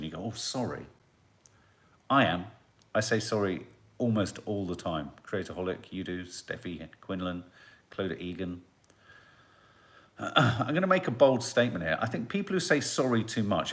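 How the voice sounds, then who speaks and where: A middle-aged man, hosting a casual live chat and musing as he reads out viewer comments. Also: fairly low pitch.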